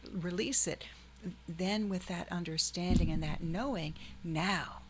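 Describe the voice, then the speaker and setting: Woman host, calm, measured, affirming, lowish voice, faint background noise. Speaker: podcast host, hypnosis practitioner. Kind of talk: conversational interview.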